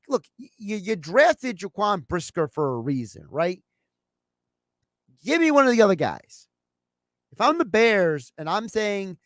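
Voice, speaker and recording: A man's voice: high-pitched, no echo, studio quality. A man hosting a sports talk show, giving his take in a loose, conversational way and acting out imagined phone calls.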